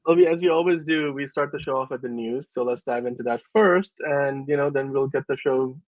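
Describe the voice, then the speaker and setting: A man hosting a casual podcast, chatty and relaxed, with lots of fillers. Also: mid-range voice, brisk, no room sound. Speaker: show host. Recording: dry, slightly muffled.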